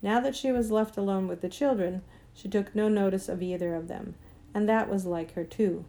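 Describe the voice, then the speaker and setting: A woman reads a children's storybook aloud as narrator, steady and gentle in her storytelling. Her voice is warm and mellow, never sharp or bright. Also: mid-range voice, normal speed. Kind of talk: audiobook narration.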